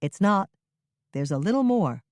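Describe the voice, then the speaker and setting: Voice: medium pitch, sing-song, a little slow, no room sound, clean studio sound. Matter-of-fact woman, read by the narrator, plain and direct. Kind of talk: audiobook reading.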